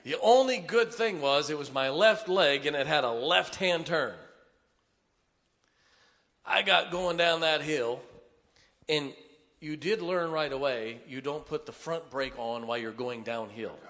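A man preaching, telling a folksy, animated, self-mocking story from the pulpit. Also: medium pitch, unhurried, pauses often. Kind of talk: storytelling sermon. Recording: long reverb of a large hall.

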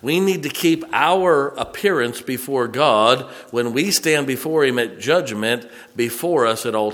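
A man preaching a sermon as pastor, rising to loud emphasis on scripture and dropping into folksy, chatty asides. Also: medium pitch, in a large hall. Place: church sanctuary.

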